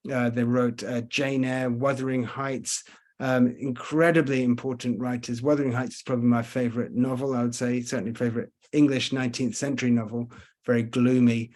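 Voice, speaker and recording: A man working as a tour guide, giving a chatty, rambling virtual tour talk over slides with frequent pauses to think. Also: mid-range voice, little pitch movement, darkish tone.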